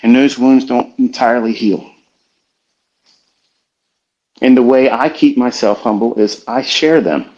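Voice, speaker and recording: A middle-aged man talks in an earnest, confessional way, pausing and restarting as he works through his thoughts. His voice sits at an ordinary middle pitch. The sound is slightly muffled, like an online audio stream. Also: darkish tone. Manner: earnest, confessional, slow and halting. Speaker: trading educator hosting a live audio room. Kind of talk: reflective motivational talk.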